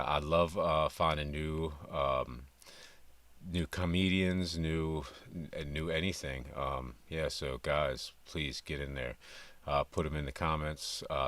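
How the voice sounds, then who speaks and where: A man hosting a reaction stream, chatting casually in a relaxed, halting way with lots of fillers. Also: extremely low pitch, no echo. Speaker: reaction channel host.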